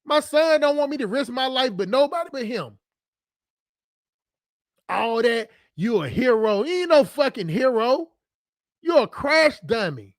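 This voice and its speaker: Male livestream host, high-pitched, dry close sound, profane off-the-cuff rants. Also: a bit bright, no echo. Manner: blunt, profane, fast-talking, jumps between subjects. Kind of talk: unscripted livestream rant.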